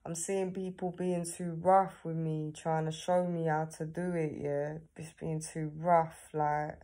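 A woman's voice: low voice, level tone, a little slow, few pauses, warm tone. A woman talking casually to herself on camera, chatty and laughing often, tagging her sentences with questions. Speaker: vlogger. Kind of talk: casual self-talk to camera.

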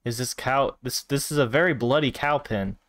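A man streaming a virtual world game, reacting out loud in casual commentary with laughs and exclamations. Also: normal speed, no room sound, studio quality. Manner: laughing, exclaiming, sudden high squeals. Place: at home at a desk.

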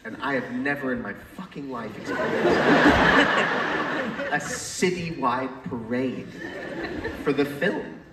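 A mid-pitched man cracks loose jokes and swears easily while fielding questions. His voice rings out far from the mic in a big echoey hall with hiss underneath. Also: takes it slowly, pauses often. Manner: jokey, swears casually, hosts the questions. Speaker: panel guest. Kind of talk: casual panel chat. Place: large convention hall.

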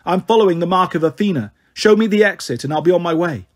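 A man voicing a clever, defiant teenage girl with a quick, confident, matter-of-fact delivery. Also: sits high.

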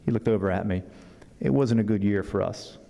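A man reads a passage from his own novel to an audience. His voice is mellow and relaxed, with fillers and restarts when he talks freely. Long reverb from a large hall trails every phrase. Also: fairly low pitch, gravelly. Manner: halting with fillers when speaking freely, steady when reading. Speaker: author at a book fair reading. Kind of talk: public reading from his novel. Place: event hall.

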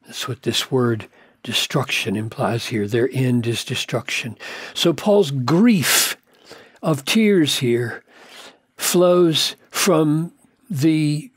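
An older man, a pastor, giving an earnest, deliberate Bible commentary and stretching key words for emphasis. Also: a little high, dry recording, studio quality.

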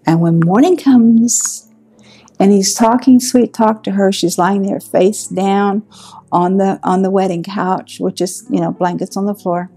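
A woman with a husky voice tells a Bible story dramatically. She speaks slowly, repeating words for weight. Faint music sits behind her. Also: medium pitch, a little mellow. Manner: vivid, repeats words for emphasis. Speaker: Bible teacher.

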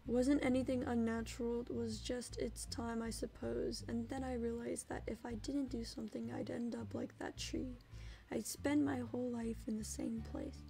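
A woman reading out game dialogue as a wistful rancher recalling her old home, softly and reflectively. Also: a little high, flat delivery, moderate pace, vocal fry.

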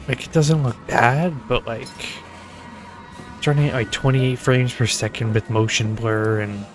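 A man's voice: medium pitch, steady tone, measured pace, faint music behind. A man playing a video game and commenting casually, swearing, joking and sarcastic. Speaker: gaming video host.

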